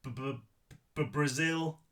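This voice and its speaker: A man's voice: high voice, normal speed, pushed and bright, recorded from a distance, voice pushed up. A man doing a flustered, stammering teenage boy. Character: nervous teenage boy trying to act older.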